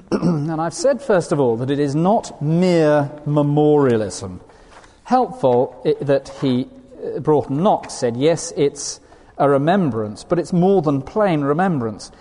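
A man's voice: fairly high pitch, lively intonation, measured pace, dark tone. A man preaching a sermon in an earnest, emphatic way, reading quotations aloud to his listeners. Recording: long reverb of a hall.

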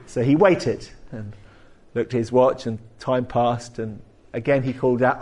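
A man preaching a sermon in a church hall, conversational and animated, explaining with homely asides. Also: medium pitch, normal speed. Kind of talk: sermon with anecdotes.

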